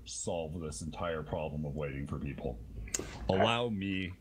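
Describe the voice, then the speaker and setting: A man's voice: a bass voice, unhurried, very noisy. A man joking around in a gaming voice chat, playful and teasing. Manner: playful, teasing, mock-seductive banter. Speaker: clan member in voice chat. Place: online voice chat.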